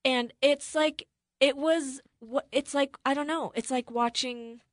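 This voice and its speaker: A woman's voice: high voice, fairly even intonation, unhurried, no echo, studio quality. A woman co-hosting a podcast, chatting casually about a reality show and acting out what people said. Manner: chatty, quotes people in put-on voices, laughs often. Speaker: podcast co-host.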